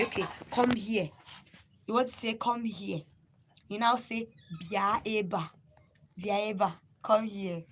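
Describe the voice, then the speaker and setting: A woman's voice: mid-range voice, slight background noise, rough recording. Nigerian woman teaching words on a live stream. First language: Igbo. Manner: repeats and spells words out, urging viewers to write them down. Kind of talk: casual live lesson. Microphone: phone.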